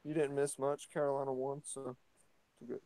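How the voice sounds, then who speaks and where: A man's voice: medium pitch, fairly quick, very noisy. A man chatting casually and rambling, with lots of fillers and restarts, as he steps out into his yard. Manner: relaxed, rambling, hesitant with many fillers. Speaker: vlogger hosting a morning chat. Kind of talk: casual chat. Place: at home, stepping outside into his yard.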